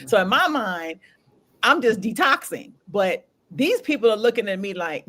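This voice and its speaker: A woman hosting a candid podcast conversation, telling her story in an animated, laughing way with casual slang. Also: fairly high pitch, moderate pace. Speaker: podcast host.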